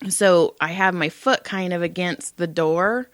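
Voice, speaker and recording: A middle-aged woman, a massage therapist co-hosting a podcast, telling stories in a lively, profane casual chat and acting out the voices. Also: on the low side, unhurried, dry recording, clean studio sound. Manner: animated, profane storyteller who acts out voices.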